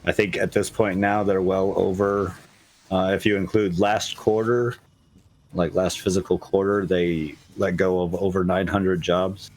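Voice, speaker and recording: Deep-voiced man chatting gaming news. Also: little pitch movement, a little mellow. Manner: halting, many filler "uh"s, blunt jokes. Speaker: podcast co-host reading gaming news. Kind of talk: casual chat.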